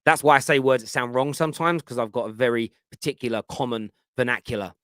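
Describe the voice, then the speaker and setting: A man's voice: medium pitch, steady tone, fast talker, a bit bright, no room sound, studio quality. An English man with a London Cockney accent, hosting a football fan show and chatting casually through viewer comments. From England. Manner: chatty, jokey, stumbles over words. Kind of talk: casual live-stream chat reading comments.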